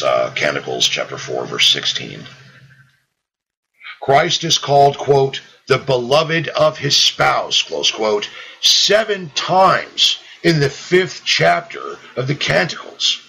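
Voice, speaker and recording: A man reads old devotional writing at an unhurried pace. His voice is gravelly and bright, a little husky, and it rises and falls a great deal. He lifts the quoted lines with fervor and drops low for his side remarks. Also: very animated, low-quality recording. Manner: reads quotes in a raised, fervent tone and asides low and quick. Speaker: reader of a devotional text. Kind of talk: slow devotional reading with spoken notes.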